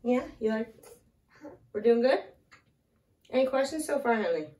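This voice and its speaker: Holding a small child, a woman works through a casual whiteboard math lesson aloud, breaking off now and then to talk to the little one. She's a bit breathless, speaks at a moderate pace in a slightly high voice, and sounds distant from the mic in an echoey room.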